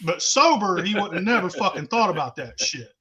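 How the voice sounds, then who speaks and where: A man's voice: sits high, very animated, fairly quick, a crowd in the background. A man telling a rowdy, profane drinking story in casual chat. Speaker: show host telling a story.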